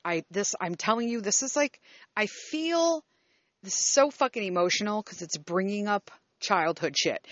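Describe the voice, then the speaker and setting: A woman's voice: mid-range voice, no echo, muffled recording. A woman in her fifties ranting casually to her viewers, exasperated and profane, rambling and restarting her sentences. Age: 50s. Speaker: vlogger. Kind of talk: casual rant to camera.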